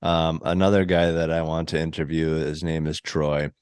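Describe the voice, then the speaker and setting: A man's voice: rumbling low, completely flat delivery, moderate pace, darkish tone, clean tone, no room sound. A man hosting a podcast, talking casually and rambling a little as he searches for words. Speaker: podcast host. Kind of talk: casual interview chat. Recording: dry close sound.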